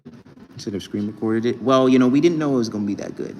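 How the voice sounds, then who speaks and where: A man's voice: medium pitch, quick pace, music in the background. Young man livestreaming from echoey gym. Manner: loose, rambling, hypes and thanks viewers. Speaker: livestreamer and rapper. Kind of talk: casual livestream chat reading comments. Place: indoor gym. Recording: echoey gym room, faint background noise.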